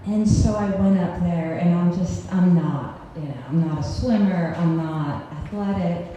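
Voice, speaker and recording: A woman's voice: fairly low pitch, measured pace, dark tone, dull audio. Wry woman telling a story in a hall. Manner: wry, self-mocking, laughs through her lines. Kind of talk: live storytelling performance. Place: cultural center hall, on stage. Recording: echoey live hall recording with faint hiss.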